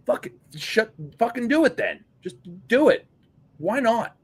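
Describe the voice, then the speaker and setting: A man's voice: sits high, a little slow, husky. A man from the Pittsburgh area hosting a wrestling podcast, talking in a loose, profane, filler-heavy chat. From Pittsburgh area, USA. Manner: animated, swearing, lots of fillers.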